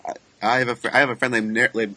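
A man hosting a casual live podcast, chatting easily, laughing often and reading show notices and sponsor copy briskly. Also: mid-range voice, flat delivery, sharp tone. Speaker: podcast host. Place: San Francisco studio.

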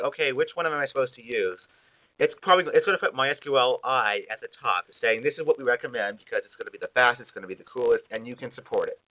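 A man talking informally through a software setup tutorial, rambling a bit with fillers and self-corrections. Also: mid-range voice. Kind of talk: casual screencast walkthrough. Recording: phone-like narrow band.

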